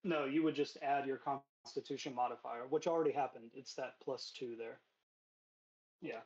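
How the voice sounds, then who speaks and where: A man's voice: mid-range voice, normal speed, a little mellow, dull audio. A man running a tabletop game as game master, casual and loose with many fillers.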